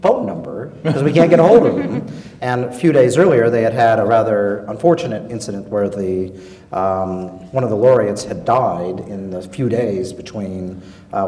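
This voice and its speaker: A man on a public panel telling a story wryly, with many pauses and fillers. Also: fairly low pitch, warm tone. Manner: wry, hesitant with many fillers. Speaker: panel guest, scientist. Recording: echoey hall, voice from far off.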